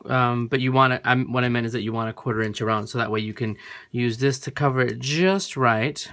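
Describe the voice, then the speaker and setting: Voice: medium pitch, fairly even intonation, fairly quick, a bit bright. A craft tutorial host chatting through a hands-on demo at a home work table, often stopping to correct themself mid-sentence. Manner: chatty, with frequent self-corrections. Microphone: camera framing a work surface.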